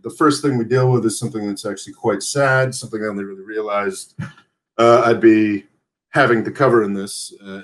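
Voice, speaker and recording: A man hosting a live news brief, talking off the cuff with many pauses, fillers and restarts. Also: medium pitch. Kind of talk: casual unscripted live commentary.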